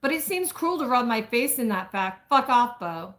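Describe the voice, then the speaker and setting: A woman's voice: fairly high pitch, very animated, normal speed, fairly bright tone. A woman voicing a hurt, defiant young woman from a romance novel, snapping and tearful.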